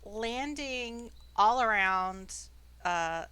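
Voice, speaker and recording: A woman runs a tabletop game over voice chat, her voice bright and close in a dry space. She narrates casually and hesitantly, filling gaps with ums and uhs. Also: a little high, lively intonation, drawn-out words, clear, resonant tone, dry recording. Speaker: dungeon master. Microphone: online voice chat.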